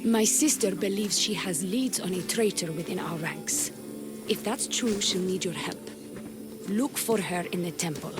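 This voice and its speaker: Woman doing a sultry flirty priestess, slow teasing talk, game music behind. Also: lowish voice, natural voice. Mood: earnest. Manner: sultry, teasing, slips into breathy whispers. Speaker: game character. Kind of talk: video game voice acting.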